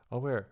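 A man co-hosting a podcast, chiming in with wry, teasing remarks in casual chat. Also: warm tone. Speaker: podcast co-host.

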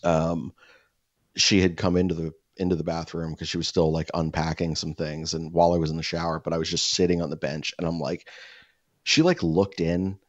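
A man's voice: sits low, little pitch movement, fairly quick, dry recording. A young man telling a rambling, profane story in casual podcast chat, full of fillers and restarts. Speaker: podcast host. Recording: dull lo-fi dry sound.

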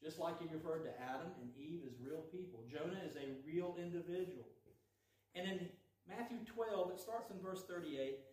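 High-voiced preacher in an echoey hall. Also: male voice, normal speed. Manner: folksy and animated, acts out quoted lines. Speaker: preacher teaching a Bible study. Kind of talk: conversational sermon with storytelling. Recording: echoey room, voice from a distance.

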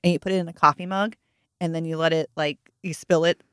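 A woman comedian co-hosting a podcast, talking in a loose, rambling way. Her voice sits a little low, and the sound is dry and close. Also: steady tone, fast, smooth, dry recording. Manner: chatty, rambling. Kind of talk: casual chat.

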